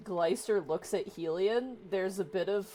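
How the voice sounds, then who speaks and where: A woman narrating a tabletop role-playing game as dungeon master, in a soft, unhurried way. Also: mid-range voice, a little hiss or hum.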